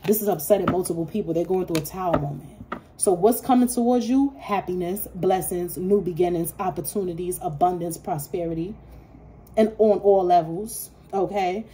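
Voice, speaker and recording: A woman's voice: fairly low pitch, moderate pace, warm tone, a little hiss or hum. A woman giving a casual tarot reading, blunt and sassy, swearing freely and laughing often. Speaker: tarot reader.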